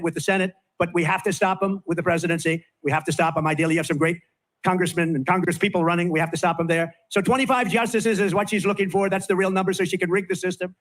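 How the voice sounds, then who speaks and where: A man's voice: sits high, a bit bright. An older man giving a rambling campaign rally speech from a stage, full of repetitive, off-the-cuff asides. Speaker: political candidate at a rally.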